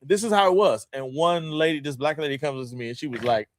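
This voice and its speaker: A man, a sports columnist telling a story in casual chat, animated and laughing as he acts out quotes. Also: a little high, fast talker, a little hiss or hum.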